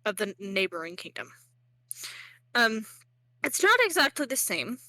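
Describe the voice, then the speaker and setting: A woman's voice: mid-range voice, very animated, measured pace, bright, forceful tone, no echo. A young woman narrating as game master in a casual, rambling way, full of fillers and joking at herself.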